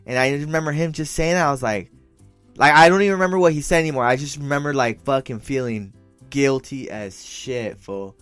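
A man's voice: mid-range voice, brisk, fairly bright tone, clean tone, no room sound, faint music behind. A young man telling a story in casual talk, slangy and profane, mixing in Spanish phrases and calling his friend "fool". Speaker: podcast co-host telling a story.

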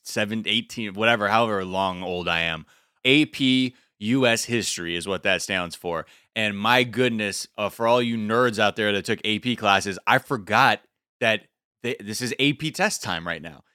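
A man's voice: on the low side, normal speed, pushed and bright, clean tone, dry recording, studio quality. A man in his thirties co-hosting a podcast, explaining a news trend in a rambling, conversational way. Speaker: podcast co-host. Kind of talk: casual podcast chat.

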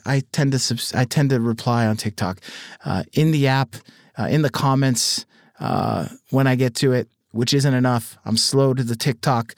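A man's voice: medium pitch, no room sound. A man hosting a podcast, casually reading listener texts aloud with dry, swearing asides. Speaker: podcast host. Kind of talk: casual listener-mail segment.

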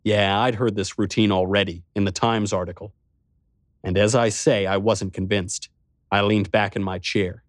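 Man, first-person narration, wry and dramatic, low voice, dry close mic. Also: fairly even intonation, normal speed, no echo.

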